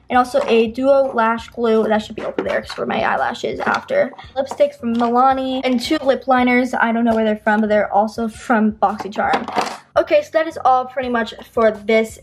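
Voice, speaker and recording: A woman's voice: fairly high pitch, noisy background. A teenage girl giving a casual, rambling tour of her makeup collection, her throat tired and strained from talking. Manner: chatty, rambling, with many ums and self-corrections. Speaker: beauty vlogger.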